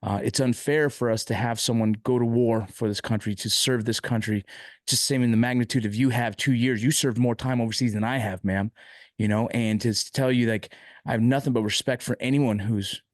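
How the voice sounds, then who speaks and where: A man's voice: mid-range voice, steady tone, brisk, dry recording, studio quality. A man hosting an interview podcast, speaking with emotion and frustration and often stopping and restarting. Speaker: podcast host.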